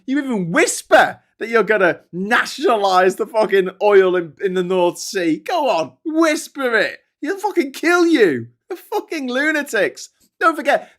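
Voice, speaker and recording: A British man hosts a loose political commentary show, his voice sitting high for a man. He swears freely and mocks his targets with taunting sarcasm, his delivery easy and conversational. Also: a bit bright. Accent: British English. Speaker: host.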